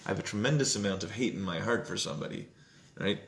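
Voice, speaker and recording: Fairly low-pitched and fast, with vocal fry and a little hiss or hum, this man teaches a casual Jewish text study class. He keeps asking "right?" and loudly voices characters' inner thoughts.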